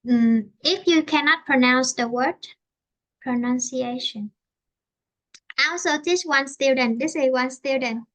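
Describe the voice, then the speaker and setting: High-voiced woman teaching English. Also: a bit bright. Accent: Vietnamese. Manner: explains slowly in simple English, repeats herself. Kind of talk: online English lesson.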